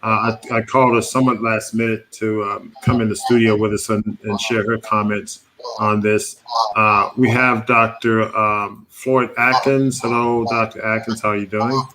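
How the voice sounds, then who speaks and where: A middle-aged man, a doctor, hosting a live online panel from a studio and presenting a case from slides in a relaxed, conversational way with many fillers. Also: on the low side, normal speed, background noise.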